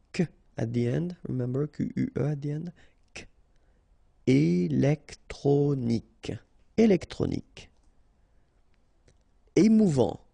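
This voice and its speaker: A native French-speaking man with a French accent, a teacher running a pronunciation drill who slowly and patiently repeats and spells out each word. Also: mid-range voice, gravelly, warm tone, breathy edge, no echo. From France.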